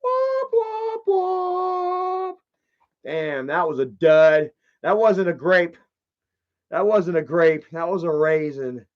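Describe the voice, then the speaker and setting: A man's voice: fairly high pitch, takes it slowly, muffled recording. A man in a casual live stream, rambling, joking and swearing as he opens fan mail. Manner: rambling, profane and jokey.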